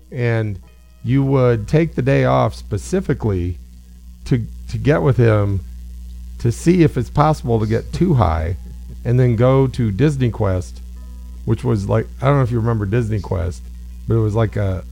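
A man chatting casually, rambling through a story with a gravelly edge to his voice. He acts out the people he quotes, and faint music plays quietly underneath. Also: mid-range voice, normal speed. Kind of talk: casual chat.

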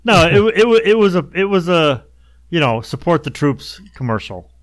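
A man co-hosting a podcast in casual comedic chat, talkative and quick to laugh. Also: a little high, very animated, no echo. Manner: laughs often, chatty, swears. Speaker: podcast co-host.

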